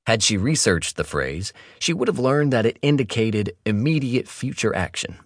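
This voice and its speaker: A man narrating a nonfiction audiobook in a wry, expressive reading with playful asides, recorded close on a studio microphone. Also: mid-range voice, moderate pace, dry recording.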